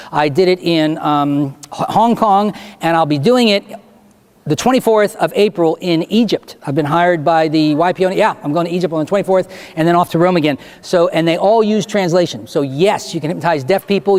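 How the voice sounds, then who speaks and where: A man speaking as a stage hypnotist, answering student questions and giving slow, deliberate hypnotic suggestions in a school auditorium. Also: sits high, a little mellow. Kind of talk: Q&A talk and hypnotic induction to students.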